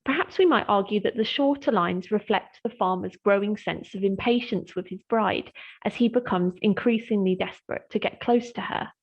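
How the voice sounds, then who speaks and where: Gravelly-voiced woman lecturer explaining poetry. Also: medium pitch, lo-fi sound. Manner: clear, measured explanatory delivery, slowing to read verse aloud. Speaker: English literature lecturer. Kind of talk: scripted lesson on poetry.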